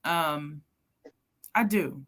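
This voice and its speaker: A young woman in casual chat, speaking softly and hesitantly, reflective in tone. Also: low voice, very slow. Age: young adult.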